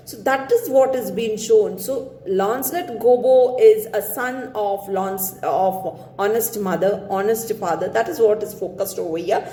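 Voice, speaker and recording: A woman's voice: mid-range voice, a little slow, hardly any pauses, mellow, slight background noise. Woman teacher explaining a play, roomy sound. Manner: repeats and paraphrases quoted lines, many fillers. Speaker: literature teacher. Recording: roomy room with faint ambience.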